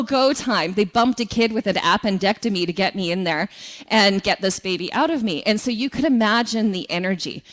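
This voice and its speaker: A woman giving a spiritual talk to a congregation, telling lively personal stories and asking the audience questions. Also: mid-range voice. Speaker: guest speaker.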